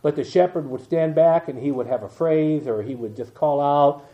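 An older man preaching an evening sermon, reading scripture slowly with emphasis and dropping into quiet asides. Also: on the high side. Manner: reads King James verses slowly and with emphasis, asides in a dropped voice. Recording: dull lo-fi church recording.

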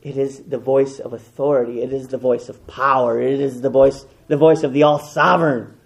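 A man preaching a sermon with passion, swinging between loud, emphatic repetition and hushed, quiet lines. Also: medium pitch, steady tone, moderate pace, vocal fry.

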